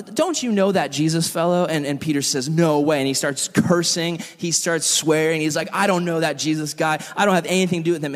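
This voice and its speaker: A pastor preaching a conversational sermon, telling stories and quoting the people in them. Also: male voice, sits high. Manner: conversational storytelling with quoted voices. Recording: long hall reverb.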